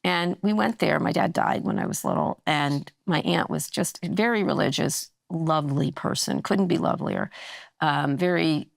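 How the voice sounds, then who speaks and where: A woman's voice: sits low, normal speed, vocal fry, dry recording, clean studio sound. A middle-aged woman, a guest on a talk show, chatting casually and acting out the people in her stories. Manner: animated storytelling, acts out quoted dialogue. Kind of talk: casual chat.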